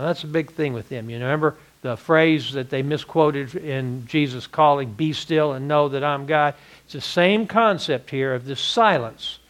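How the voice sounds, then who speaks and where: A man with a Texan accent and a slightly high voice leads a church Bible class, asking rhetorical questions and then answering them himself.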